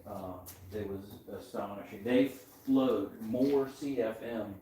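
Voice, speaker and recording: A man's voice: fairly low pitch, takes it slowly, dark tone, roomy sound, a little hiss or hum. A man hosting a casual livestream chat while working on cars, joking around and laughing often. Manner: jokey, laughs often, does mock accents. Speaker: livestream host.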